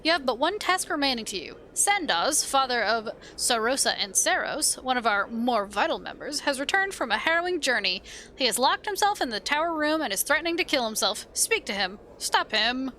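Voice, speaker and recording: A woman doing a stern official of a fantasy faction who speaks in formal, solemn sentences. The voice is high and bright, with light hiss in the background. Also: big pitch swings, brisk, full character voice.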